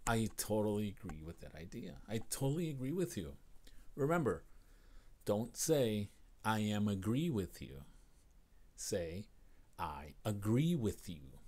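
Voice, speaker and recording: Lowish-voiced American man teaching English. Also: very animated, a little mellow. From United States. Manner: slow, emphatic modeling of phrases, greets viewers. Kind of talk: live-streamed English lesson.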